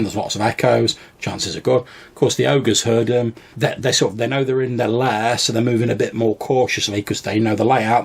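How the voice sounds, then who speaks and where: A man's voice: lowish voice, vocal fry, husky. A man, a podcast co-host and game master, casually retelling a tabletop game session in a rambling way full of fillers and restarts. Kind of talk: casual storytelling chat.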